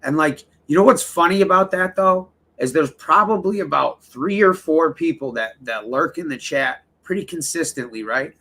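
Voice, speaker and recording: A man's voice: fairly high pitch, expressive, moderate pace, few pauses, sharp tone, husky. A man hosting a casual livestream, rambling and swearing as he talks straight to his chat. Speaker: livestream host.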